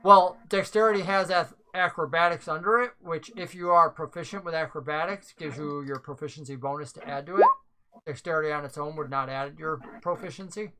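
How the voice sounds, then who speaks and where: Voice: mid-range voice, pushed and bright, a little hiss or hum, poor audio. A game master who narrates a tabletop game and explains the rules at length, thinking aloud.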